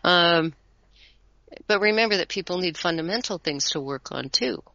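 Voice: medium pitch, expressive, normal speed, pushed and bright, no echo, dull audio. A tarot reader talking as a guest in a casual conversation, rambling a little and chuckling often.

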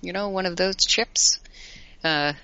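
A woman and regular guest giving card readings in a casual live-stream chat, gentle and encouraging, laughing easily. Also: on the low side, a little slow, creaky, smooth, dull audio.

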